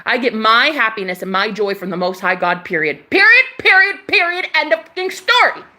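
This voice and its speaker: A woman delivers an impassioned spiritual pep talk, swearing freely and hammering phrases again and again. Her voice sits a little high and rings bright and sharp, with sudden loud bursts that drop into hushed prayer. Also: very animated, brisk. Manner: emphatic and profane, repeating phrases for emphasis; swings between loud outbursts and soft murmured prayers. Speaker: spiritual channeler.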